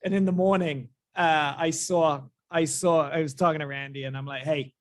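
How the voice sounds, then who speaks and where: Chatty, profane podcast host. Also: male voice, on the high side, fairly even intonation, moderate pace. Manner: swearing, storytelling, laughing along. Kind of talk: casual chat.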